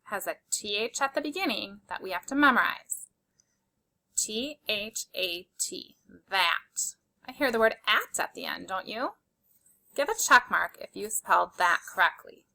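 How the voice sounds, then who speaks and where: This woman's mid-range voice is animated, bright and forceful, with some vocal fry, and she talks at a normal speed. She's giving young children a spelling lesson, patiently sounding out letters and encouraging them with praise for their work.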